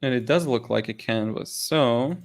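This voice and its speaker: Hosting a casual livestream art Q&A, this man talks about paintings at a normal speed in a medium-pitched voice. He's enthusiastic but tired and yawning, rambling along with lots of fillers and restarts.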